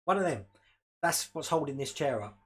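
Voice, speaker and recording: Husky, animated man chatting live. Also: on the high side, moderate pace. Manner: chatty, rambling, laughs often, talks to his dog. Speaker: hobby model-build livestream host. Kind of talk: casual live-stream chat. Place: home hobby room.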